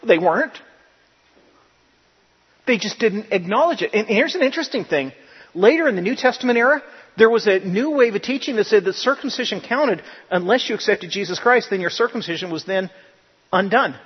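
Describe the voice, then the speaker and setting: High-voiced pastor preaching in a reverberant hall. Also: male voice, lively intonation, moderate pace, pauses often, husky. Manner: emphatic, rising to loud bursts, quoting people in character. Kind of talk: sermon. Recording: dull lo-fi sound with long church reverb.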